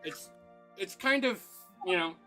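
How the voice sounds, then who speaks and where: Bright high-voiced game master. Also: male voice, lively intonation, measured pace, soft background music, low-quality recording. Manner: rambling, descriptive. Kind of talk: narrating a tabletop game.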